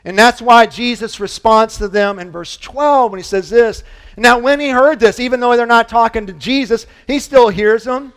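At normal speed and with a clean tone, a man preaches as pastor, conversational and animated. Frequent restarts and asides mark his delivery, which alternates between loud emphasis and quiet lows.

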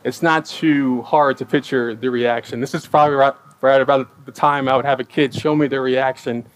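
A man's voice: mid-range voice, slight background noise. A man preaching a sermon in a conversational way, asking the congregation questions and acting out the voices of the people in the story. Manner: acts out the workers' voices when quoting them.

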